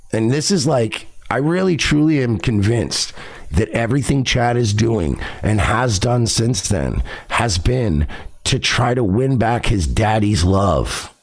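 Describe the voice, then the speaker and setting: A man's voice: medium pitch, big pitch swings, unhurried. A man hosting a podcast, delivering a profane, confrontational ranting monologue. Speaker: podcast host.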